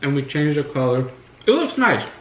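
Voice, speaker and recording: A man's voice: a little high, very animated, moderate pace, fairly bright tone, dull audio. A man hosting a casual chat at home while eating, telling stories in a rambling way with lots of fillers. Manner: rambling, filler-heavy storytelling. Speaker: host. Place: living room at home. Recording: echoey room, faint music.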